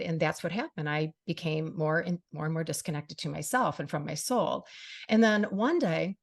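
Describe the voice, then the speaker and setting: Earnest woman host, slightly low voice. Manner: earnest, heartfelt, with frequent "you know" fillers. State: briefly tearful. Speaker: radio show and podcast host. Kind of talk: personal monologue to listeners.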